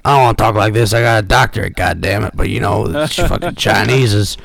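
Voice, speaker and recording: A man putting on a paranoid rural ranter, stumbling and repeating himself loudly. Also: on the low side, steady tone, brisk, no echo. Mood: ranting. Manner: stumbling repetitive rant. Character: ranting paranoid rural man, loud and crude.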